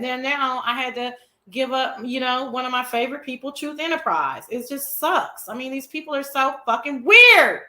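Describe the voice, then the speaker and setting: A woman's voice: sits high, sharp tone, roomy sound. A woman hosting a casual live-stream chat, sassy and profane. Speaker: show host.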